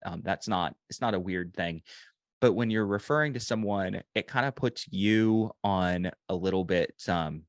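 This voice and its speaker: A man coaching a sales agent one on one, relaxed and rambling with frequent ums and restarts. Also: low voice, normal speed, dry recording.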